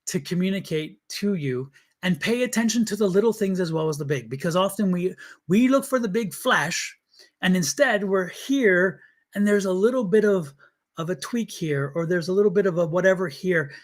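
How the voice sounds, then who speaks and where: A man's voice: sits high, animated, normal speed. A man hosting a live tarot stream, talking to viewers in an earnest, blunt and chatty way. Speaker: tarot reader and livestream host.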